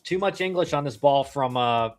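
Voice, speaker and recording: Over faint background music, this former pro ballplayer in his thirties calls a live game for his stream in a loose, talkative style full of slang. He speaks at a moderate clip with a mid-range voice and lively intonation.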